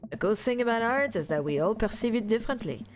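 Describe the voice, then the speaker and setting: A woman streamer playing a game live, reading its dialogue aloud and commenting with animated laughter, loud outbursts and swearing. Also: on the high side, fast talker, a little hiss or hum.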